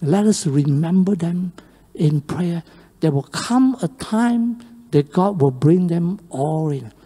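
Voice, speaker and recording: A pastor preaching a sermon, telling the story with animated swings between loud and hushed. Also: medium pitch, slow, breathy edge. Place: church sanctuary. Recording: long reverb of a church hall on a live stream.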